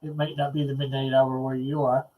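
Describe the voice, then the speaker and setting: A man's voice: medium pitch, completely flat delivery, fairly quick, warm tone, low-quality recording. A man hosting a late-night live stream chat, reading comments aloud in a laid-back, chuckling way. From Canada. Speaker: host.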